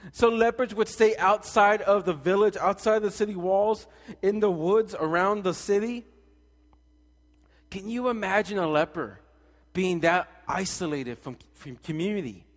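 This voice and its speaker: A young man preaching a sermon in a casual, animated way, full of slang and acted-out voices. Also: sits high. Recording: long hall reverb.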